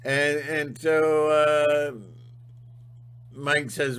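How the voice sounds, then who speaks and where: A man giving a rambling spiritual monologue, halting and restarting often. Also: medium pitch, fairly bright tone. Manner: halting, full of fillers and restarts. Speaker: channel host.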